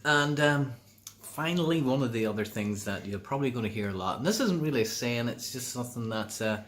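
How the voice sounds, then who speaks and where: A man with a Northern Irish accent chatting casually on a self-filmed vlog in a park, explaining things in a friendly, easygoing way. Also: fairly low pitch. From Northern Ireland. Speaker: vlogger. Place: outdoors in a local park. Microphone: handheld camera or phone, self-filmed.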